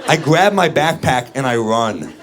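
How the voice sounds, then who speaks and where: A man doing a stand-up comedy set, telling stories in a deadpan way and acting out the quotes. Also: medium pitch, a little slow, slight background noise. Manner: deadpan storytelling with acted quotes. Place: comedy club stage. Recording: live club set, loud crowd laughter. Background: audience laughing.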